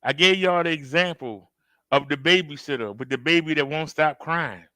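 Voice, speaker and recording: Male host, animated storyteller, higher pitch, forceful tense tone, dry close sound. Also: normal speed, dry recording. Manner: animated, emphatic storytelling with acted-out outbursts; conversational, addresses viewers directly. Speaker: reaction video host. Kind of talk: casual commentary.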